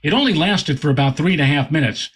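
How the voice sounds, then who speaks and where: A man, a guest astronomer, telling an animated anecdote in an interview and repeating words as he goes. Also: fairly high pitch, fast, husky.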